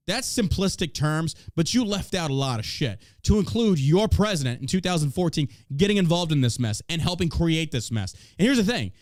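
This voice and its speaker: A man from the United States hosting a podcast, ranting in a crude, mocking, animated way about politics. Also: on the high side, brisk, few pauses, no echo, studio quality. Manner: animated, crude, mocking, puts on silly voices for others. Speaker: podcast host. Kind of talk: profane political podcast rant.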